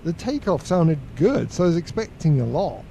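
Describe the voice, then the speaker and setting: A man chatting casually on a flight sim live stream, talkative and quick to laugh. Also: a little high, very animated, creaky, dark tone, slight background noise. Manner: chatty, laughs easily, uses slangy exclamations.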